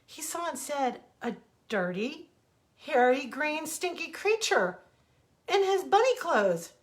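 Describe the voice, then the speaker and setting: Lady reading bedtime stories on a webcam, gentle, expressive. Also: sits high, takes it slowly. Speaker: author reading her stories.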